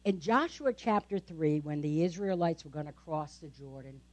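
A woman's voice: low-pitched, lively intonation, moderate pace, darkish tone. A woman pastor giving a conversational sermon, often checking in with the congregation with tag questions.

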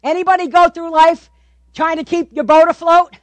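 A woman preaching a sermon, animated, repeating words for emphasis and asking the listeners questions. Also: very high voice, moderate pace, no echo.

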